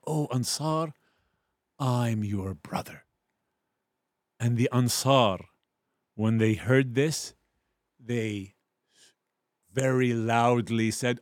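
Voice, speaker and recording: A man teaching an online religious class, telling a story and acting out the quoted voices with loud, lively bursts while he talks with his students. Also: medium pitch, normal speed, no room sound, studio quality. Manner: animated, acts out quoted voices loudly. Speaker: Islamic teacher.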